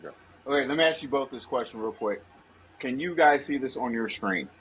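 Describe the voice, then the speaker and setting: A man's voice: mid-range voice, fairly quick, fairly bright tone, slight background noise, poor audio. A man hosting a casual podcast over a phone, talking in a rambling, apologetic way and repeating himself. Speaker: podcast host.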